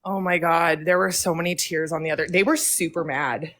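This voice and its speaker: Gleeful low-voiced woman on a stream. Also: fairly even intonation, fairly quick, fairly bright tone. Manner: gleeful, profane, laughing asides. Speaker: livestream guest. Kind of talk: casual livestream chat.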